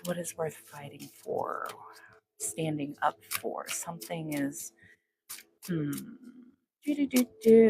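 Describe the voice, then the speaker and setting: This tarot reader's voice sits low with a darkish tone, slow delivery, and lively intonation. She reads casually for viewers, chatting, addressing spirit, and humming while shuffling.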